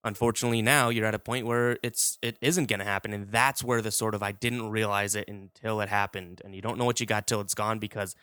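A man's voice: fairly low pitch, steady tone, quick pace, hardly any pauses, sharp tone, smooth, no echo. A man hosting a podcast, talking in a rambling, heartfelt way with many fillers. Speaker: podcast host. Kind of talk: casual podcast monologue.

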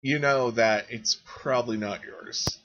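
Bright-voiced man running a tabletop game. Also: medium pitch, unhurried, muffled recording, slight background noise. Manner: descriptive, addresses players directly. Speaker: game master.

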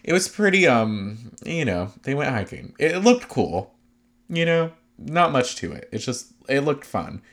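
A man's voice: mid-range voice, big pitch swings, measured pace, a bit bright. A man giving a casual, gossipy recap of a reality show, chatty and full of fillers, with sarcastic asides.

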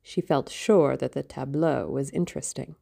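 A woman narrating an audiobook in a measured, steady way. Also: extremely low pitch, creaky. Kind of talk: scripted narration.

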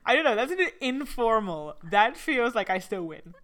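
A woman co-hosting a casual podcast chat, teasing and quick, laughing often. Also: fairly high pitch, big pitch swings, a bit bright, slight background noise. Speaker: podcast co-host.

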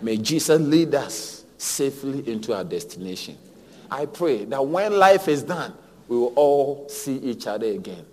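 A man preaching a sermon as pastor, swinging between hushed lines and loud, emphatic repeated phrases. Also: mid-range voice, very animated, normal speed. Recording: long hall reverb.

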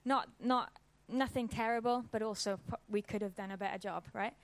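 A woman with a mid-range voice speaks a little quickly as she gives an informal talk at church. She shares a personal story in a casual, conversational manner.

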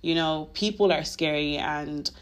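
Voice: medium pitch, measured pace, clear, resonant tone. A podcast host giving a casual faith talk, earnest and confessional, rambling with lots of filler phrases. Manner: emotional, confessional.

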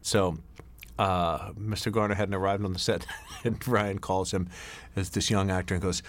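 A man's voice: low-pitched, fairly even intonation, moderate pace. A middle-aged man giving a rambling film commentary as director, full of fillers and restarts. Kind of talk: DVD commentary.

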